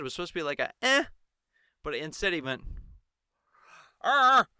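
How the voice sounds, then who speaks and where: Man, mocking commentator, slow drawl, smooth crisp voice. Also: mid-range voice, a bit bright, no room sound, clean studio sound. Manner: mocking, mimics the anchors in exaggerated voices. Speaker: political commentator. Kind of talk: sarcastic solo commentary.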